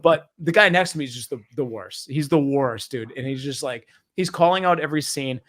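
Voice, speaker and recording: A man hosting a movie review podcast, telling stories in a lively, profane, casual way and mimicking people. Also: medium pitch, fairly quick. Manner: animated, profane storytelling with mimicry. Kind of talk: casual chat.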